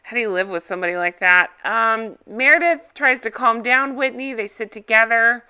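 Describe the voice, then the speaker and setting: A woman's voice: a little high, normal speed, sharp tone, clear, resonant tone. A woman hosting a reaction video, giving a casual, blunt and opinionated recap.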